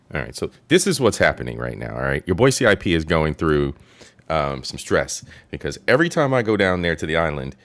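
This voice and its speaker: Deep-voiced man hosting casual commentary. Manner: playful, chatty, repeats phrases for emphasis. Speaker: host reacting to a lesson clip.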